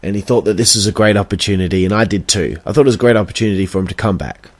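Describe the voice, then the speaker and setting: A young Australian man who hosts a podcast and wrestles in backyards tells a story bluntly and casually, swearing freely and acting out the back-and-forth of quoted exchanges. He talks rapid-fire in a fairly low voice.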